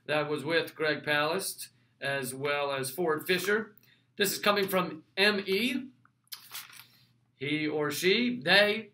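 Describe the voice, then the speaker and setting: A man hosting a casual show, answering viewer questions in a wry, sarcastic way with quick restarts and asides. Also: on the high side, pushed and bright. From United States. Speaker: host.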